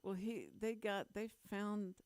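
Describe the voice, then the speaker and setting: A woman's voice: medium pitch, darkish tone, no echo. Chatty woman hosting a radio show. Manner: chatty, laughs often, quick restarts. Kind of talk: casual on-air chat.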